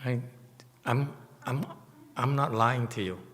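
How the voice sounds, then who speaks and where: Man teaching a meditation class, slow and emphatic, blunt and self-mocking, voice ringing in a long hall reverb. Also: mid-range voice, fairly bright tone. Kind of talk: Dharma talk to a class. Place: temple hall.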